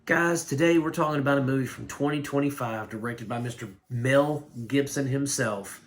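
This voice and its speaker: A man giving a casual spoken film review, blunt and rambling, with animated complaints. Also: medium pitch, moderate pace. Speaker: movie reviewer.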